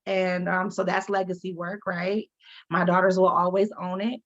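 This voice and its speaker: A woman's voice: fairly low pitch, level tone, moderate pace. A woman advocate, a guest from Detroit, telling her story candidly in an interview and acting out the voices she quotes. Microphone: video call. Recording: dull lo-fi video call audio.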